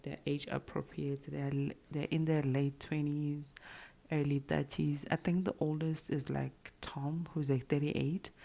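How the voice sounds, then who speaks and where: A woman giving a casual, chatty recap of a show's cast, tossing in quick sassy asides. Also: low-pitched, vocal fry, mellow. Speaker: reality show commentator. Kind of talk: casual show recap to camera.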